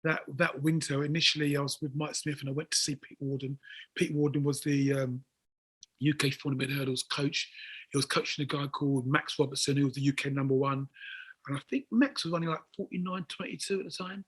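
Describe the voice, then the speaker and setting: A man, talking as an interview guest in excitable bursts, repeating words as he builds to near shouts. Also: mid-range voice, fairly quick, breathy edge. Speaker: guest athlete. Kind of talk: casual interview chat.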